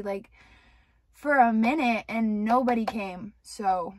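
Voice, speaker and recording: A woman's voice: a little high, unhurried, dry recording. A young woman candidly rambling through a personal storytime, with lots of filler words and cursing. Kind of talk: casual storytime monologue.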